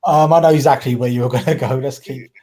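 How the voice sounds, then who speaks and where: A man's voice: medium pitch, steady tone, fast talker, darkish tone. A man with a Cockney accent, co-hosting a casual chat and often stopping to correct himself mid-sentence. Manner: rambling, self-correcting, often trips over words. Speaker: podcast co-host.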